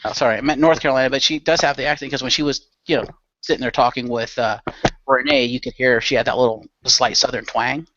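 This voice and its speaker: A man's voice: medium pitch, fairly even intonation, fast talker, highs cut off, background noise. A man chatting casually as a podcast guest, rambling through a story with fillers and swearing. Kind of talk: casual chat.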